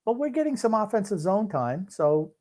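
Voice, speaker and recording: A man co-hosting a sports podcast and reacting to a live game in casual chat, dry and gruff, with long pauses between thoughts. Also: sits high, sing-song, warm tone. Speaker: podcast co-host. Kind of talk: casual sports commentary while watching a game.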